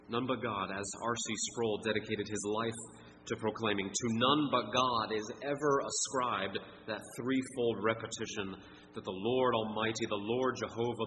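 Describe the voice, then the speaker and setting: A man's voice: medium pitch, a bit bright, a little hiss or hum. A man in his thirties delivers a sermon, moving between earnest reading and light, conversational asides to the congregation. His voice carries a long reverb, and a faint ambience of the room sits behind it. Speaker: pastor. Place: church sanctuary.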